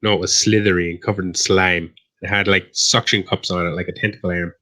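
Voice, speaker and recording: A man's voice: deep voice, level tone, fairly quick, pushed and bright. An Irish man co-hosting a live stream, rambling and teasing in casual, profane banter. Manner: teasing, rambling, swears often. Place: live online stream panel.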